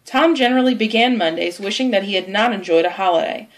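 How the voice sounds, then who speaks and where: A woman narrating a storybook chapter in a clear, measured, expressive reading. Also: medium pitch. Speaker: audiobook narrator.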